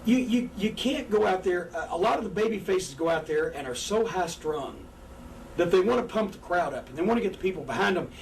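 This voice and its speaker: Brief profane, animated older man, high-pitched. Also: brisk. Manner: profane, animated, acts out crowd and wrestler voices. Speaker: former pro wrestler, guest. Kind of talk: candid interview storytelling. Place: indoors, seated on a couch. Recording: distant mic with faint background noise.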